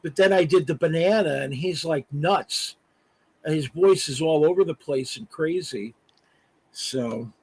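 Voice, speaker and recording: Guest man, husky, a touch high, rambling chatty delivery with lots of fillers. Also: a little slow, rough recording. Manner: chatty, many "uh" fillers and restarts. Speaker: guest artist and voice actor. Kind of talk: casual interview chat. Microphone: remote live stream call.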